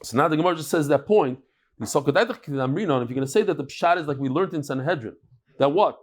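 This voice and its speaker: Animated high-voiced man teaching Talmud. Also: moderate pace. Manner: animated, asks and answers his own questions; banters with students in the room. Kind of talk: daily Talmud class. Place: classroom with a live audience.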